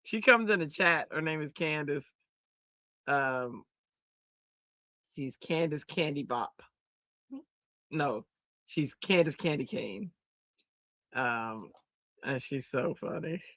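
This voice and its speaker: Woman craft host, casual storyteller, lively bright voice, slightly muffled dry recording. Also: sits low, slow, pauses often, no room sound. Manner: chatty, animated storyteller. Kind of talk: casual chat while crafting.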